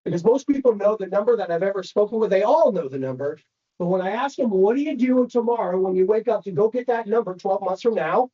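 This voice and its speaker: A man giving an animated motivational training talk to a room of real estate agents, telling stories and asking the crowd questions. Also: high-pitched, quick pace, dull audio. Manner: animated storytelling, addresses the crowd directly.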